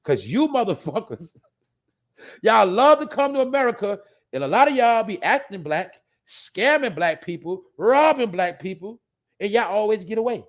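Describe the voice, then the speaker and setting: Man, fairly high voice, blunt profane rant, rambling, laughs a lot, live-stream host. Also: big pitch swings, normal speed. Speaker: podcast host.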